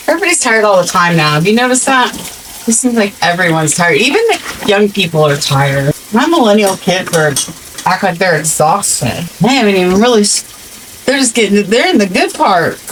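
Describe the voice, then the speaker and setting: A woman's voice: on the low side, slight background noise, rough recording. A woman in her fifties from the American Midwest, chatting casually and sarcastically while doing chores in her kitchen. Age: 50s. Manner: sarcastic, chatty storyteller with frequent restarts. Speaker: vlogger. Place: home kitchen.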